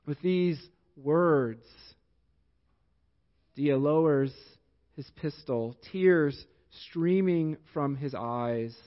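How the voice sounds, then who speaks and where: A male pastor preaching a sermon in a church sanctuary, telling a story slowly and deliberately with long pauses, in an echoey hall with dull, lo-fi sound. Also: on the high side.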